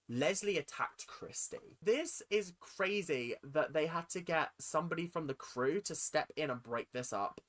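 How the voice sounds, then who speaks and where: A woman's voice: sits low, expressive, unhurried, few pauses. A woman hosting a livestream, chatting casually and bluntly, swearing freely. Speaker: livestream host. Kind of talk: casual live commentary.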